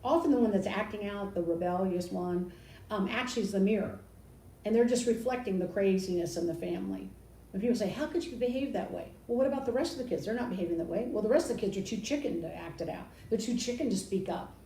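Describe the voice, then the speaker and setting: An older woman teaches in a lively, conversational way, slipping into sarcastic quoted voices. Her voice sits mid-range for a woman. It is captured from a distance with a roomy sound and faint noise behind. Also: medium pitch, fast talker. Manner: animated, mimics others with sarcastic quotes. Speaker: Christian speaker. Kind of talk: casual teaching talk. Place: balcony outdoors.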